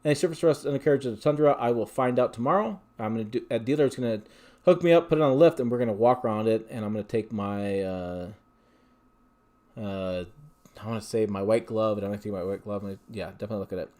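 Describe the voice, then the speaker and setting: Speaking quickly in a fairly low voice with a darkish tone, a man running a laid-back livestream reads questions from his audience. He responds in a meandering, conversational style, often using fillers and backing up to restart.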